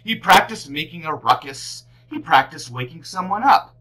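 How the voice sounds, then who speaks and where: A woman teacher reading a picture book aloud to children, with big expressive swings in her delivery. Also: deep voice, normal speed, poor audio. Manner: animated, big swings for characters.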